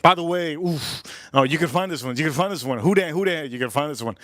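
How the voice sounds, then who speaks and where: A jet-lagged man talks loosely to his livestream viewers, repeating himself and cursing casually. His voice sits a little high for a man. The sound is dry and close, with no room echo. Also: fast, bright, forceful tone. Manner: loose, repetitive, swearing, calls out to viewers. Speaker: livestream host.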